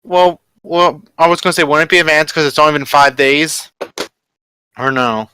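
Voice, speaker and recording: A man's voice: a little high, normal speed, sharp tone, clean tone. A man playing a tabletop game, chatty and rambling. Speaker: player. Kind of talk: casual tabletop play.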